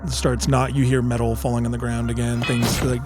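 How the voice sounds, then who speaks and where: A man narrating a tabletop game as game master in a loose, halting way with fillers. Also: medium pitch, level tone, music in the background.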